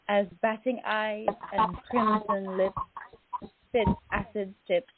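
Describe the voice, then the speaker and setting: A woman reading a poem aloud in a slow, deliberate recitation. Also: medium pitch, slightly rough. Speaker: poetry reader. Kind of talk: poetry reading. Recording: tinny phone-like line.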